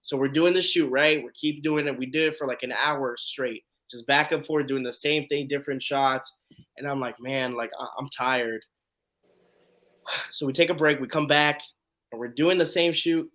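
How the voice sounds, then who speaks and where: A man with a bright, fairly high voice hosts a live online chat. He tells a long story casually and acts out the lines of the people in it. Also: normal speed. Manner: animated storyteller acting out quotes. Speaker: host.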